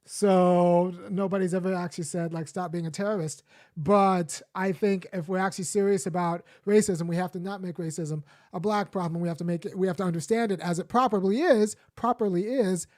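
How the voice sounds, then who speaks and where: A man hosting a weekly live show, giving argumentative political commentary in a conversational, lecturing way with frequent fillers and restarts. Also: high voice.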